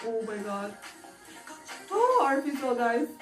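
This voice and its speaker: A woman chatting excitedly as a reaction vlogger, gushing like a fan while she watches a music video. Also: on the high side, slow. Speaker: K-pop reaction YouTuber. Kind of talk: casual reaction vlog chat. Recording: roomy echo with faint music behind. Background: music video playing faintly.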